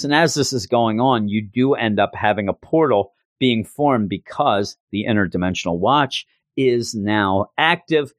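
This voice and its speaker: A man co-hosting a podcast, recapping a comic issue in casual chat and switching into goofy high voices when quoting characters. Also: measured pace, few pauses, no echo, clean studio sound. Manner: animated retelling, jumps into high goofy voices for quotes. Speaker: podcast co-host reviewing comics.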